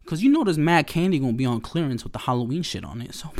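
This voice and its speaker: A young man rambling casually to the camera, animated and slangy, laughing often, hyped up on sugar. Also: fairly high pitch, fast talker, hardly any pauses. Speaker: vlogger.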